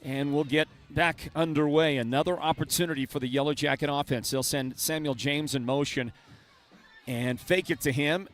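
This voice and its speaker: A man calling live high school football play by play with brisk, energetic delivery. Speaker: play-by-play announcer.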